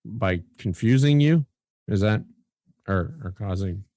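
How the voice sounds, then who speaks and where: A man's voice: fairly low pitch, lively intonation, unhurried, mellow, no room sound. A man co-hosting a podcast in casual chat, joking and rambling with casual swearing. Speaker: podcast co-host.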